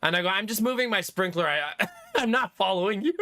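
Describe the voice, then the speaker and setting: A man streaming live, chatting casually with his viewers, animated and laughing often, with some swearing. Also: high-pitched, fast talker, no echo, studio quality.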